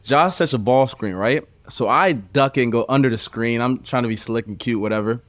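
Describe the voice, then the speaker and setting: A man co-hosting a podcast, telling a story with lots of profanity in a lively way. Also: medium pitch, normal speed, no room sound. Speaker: podcast co-host, ex-player. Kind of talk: casual chat.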